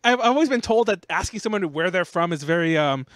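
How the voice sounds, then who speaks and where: Casting: high-pitched man, podcast host, rambling and chatty, dry close mic. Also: expressive, fast, a bit bright, dry recording. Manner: rambling storytelling, heavy use of "like". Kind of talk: casual podcast chat.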